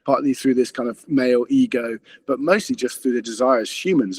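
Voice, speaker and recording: A man talking fast and earnestly as an interview guest, often restarting his sentences. His voice is husky and the sound is dry and close. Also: mid-range voice, no echo. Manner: earnest, rapid, frequent restarts. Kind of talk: conversational interview.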